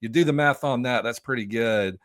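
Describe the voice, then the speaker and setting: A man's voice: mid-range voice, a little fast, a bit bright, no echo, studio quality. A man guesting on a sports podcast, talking loosely and enthusiastically with lots of restarts. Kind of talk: casual podcast chat.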